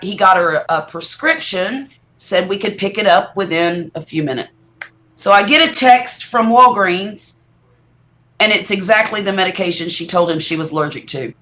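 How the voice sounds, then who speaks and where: Middle-aged woman, chatty livestream host who tells stories with lively exaggeration. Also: mid-range voice, normal speed. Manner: animated, exaggerating storyteller. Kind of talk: casual storytelling chat.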